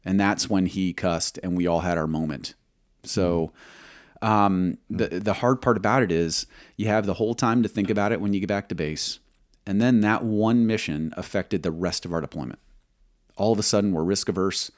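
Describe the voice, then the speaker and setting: A man who served as a military pilot, telling a combat story in an interview, measured and halting, acting out quoted dialogue. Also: sits low, no echo, studio quality.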